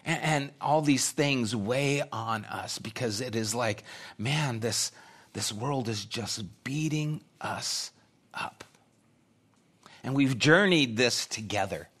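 A man's voice: mid-range voice, takes it slowly, fairly bright tone. Earnest middle-aged male pastor preaching. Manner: earnest, conversational preaching with repeated phrases. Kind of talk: sermon.

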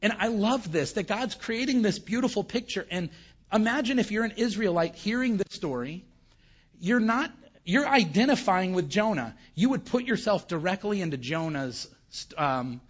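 A male pastor preaches in a relaxed, conversational way, often turning to the listeners with questions. His voice sits high. The recording is dull and lo-fi. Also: moderate pace, breathy edge. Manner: conversational, asks the audience questions. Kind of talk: sermon.

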